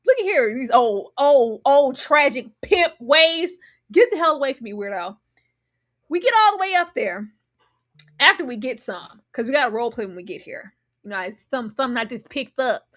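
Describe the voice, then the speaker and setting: A woman giving casual, slangy commentary as a reality TV reviewer, animated and sassy, with sudden loud outbursts. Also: high-pitched, normal speed.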